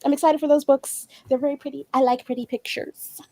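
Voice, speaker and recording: A woman hosting a casual chat show, excitable and rambling, with frequent swearing. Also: high voice, fairly quick, background noise. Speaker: podcast host.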